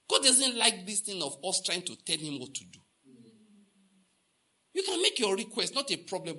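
A Nigerian pastor's voice sits high, pushed, bright and husky with some vocal fry, very animated at a moderate pace. He preaches by telling stories and voicing the dialogue, repeating lines for emphasis and asking the congregation questions.

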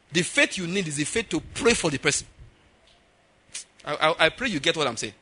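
A man preaching a sermon in an animated way, acting out voices and laughing at his own jokes. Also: on the high side, breathy edge.

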